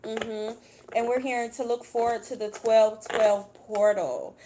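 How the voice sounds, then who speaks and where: A woman's voice: on the high side, flat delivery, measured pace, noisy background. A woman doing a casual tarot reading for her viewers, chatty and blunt, swearing freely and calling them "baby.". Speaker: tarot reader.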